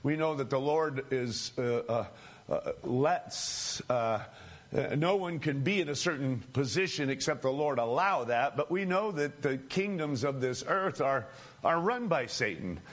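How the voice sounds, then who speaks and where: A man's voice: mid-range voice, animated, measured pace. A man preaching a sermon, calling his listeners friends, repeating phrases for emphasis and chuckling between points.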